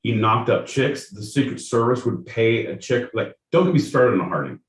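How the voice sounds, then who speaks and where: A man in casual chat, loud and profane, riffing from one tangent to the next. His voice comes from a distance off the mic and rings in a roomy space. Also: mid-range voice, lively intonation, normal speed. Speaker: podcast co-host.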